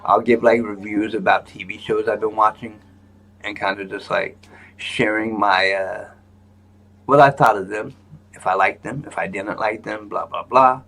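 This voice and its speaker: A man's voice: lowish voice, steady tone, normal speed, fairly bright tone. A man hosting a live stream in a rambling, joking manner, with lots of fillers and restarts. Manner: joking, self-mocking. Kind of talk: casual live-stream chat.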